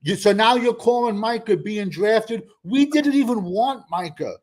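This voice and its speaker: A man with a fairly high voice argues football in a heated debate. He comes off sarcastic and pushy, repeating himself to press his point. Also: lively intonation, a little slow.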